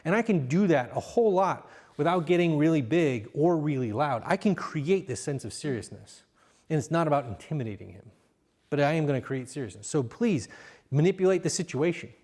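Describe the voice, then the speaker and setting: A man with a slightly raised pitch leads a parenting seminar. He talks calmly and encouragingly, and drops into quiet, even examples of what to say to a child. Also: fairly quick. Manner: calm, affirming, acts out level-toned examples. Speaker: seminar leader. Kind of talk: coaching parents in a live seminar.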